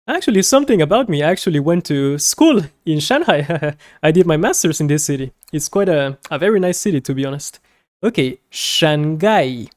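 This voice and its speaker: In studio-quality audio without echo, a medium-pitched, darkish voice teaches beginner Spanish. Each word is said several times, and the explanations stay plain, sprinkled with small personal asides.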